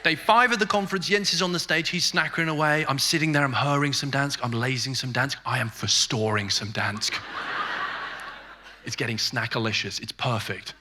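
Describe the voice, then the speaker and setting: Comedian, bright forceful stage voice. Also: male voice, medium pitch, normal speed, a little hiss or hum. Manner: animated storytelling, drops into mock Danish phrases. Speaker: stand-up comedian. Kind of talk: stand-up comedy set. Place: comedy club stage with live audience.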